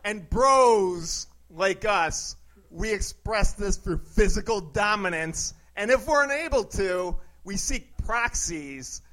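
A man doing a slow, deadpan philosophizing bro. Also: high-pitched, full character voice, poor audio. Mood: deadpan grandiose. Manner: deadpan, slow, grandiose musings. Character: deadpan pseudo-philosophical young male bro. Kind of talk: improvised comedy sketch.

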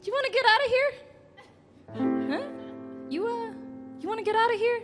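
A woman putting on the voice of a flirtatious nightclub bouncer, talking in a halting, suggestive drawl. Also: very high-pitched, voice pushed up. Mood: flirty. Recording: reverberant club room with faint music.

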